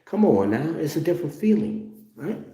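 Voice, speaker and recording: A man's voice: on the high side, sing-song, normal speed, dark tone. Blunt, preachy man in a roomy echo. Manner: blunt, preachy, calls for amens. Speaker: livestream host. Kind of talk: casual profane monologue to viewers.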